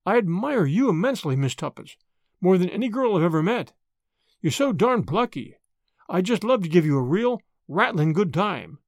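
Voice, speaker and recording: Brief: reader playing a bold, businesslike American suitor, lively delivery, dry close audiobook sound. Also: medium pitch, normal speed, dry recording. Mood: persuasive. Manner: blunt, businesslike, persistent. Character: brash, confident young American man. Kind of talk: audiobook character voice.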